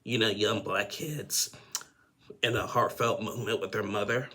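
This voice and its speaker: A man's voice: on the low side, fairly even intonation, unhurried, bright, forceful tone. A man casually recapping a reality show episode, rambling with lots of fillers and restarts.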